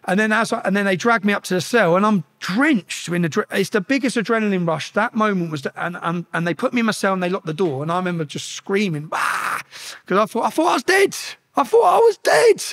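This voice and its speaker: A man telling a story as a podcast guest, animated and profane, acting out the shouted exchanges. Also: sits high.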